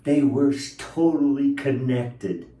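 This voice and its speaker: A man's voice: medium pitch, slow, mellow, echoey room, distant mic. A man preaching a sermon with emotional, emphatic delivery, stretching out key words and chuckling between points.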